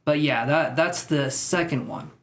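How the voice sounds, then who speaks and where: A man's voice: a little high, a little slow, a bit bright. A man giving tarot readings on a live stream, chatting loosely and joking with viewers between cards. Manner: loose and jokey, rambling asides to viewers. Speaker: tarot reader.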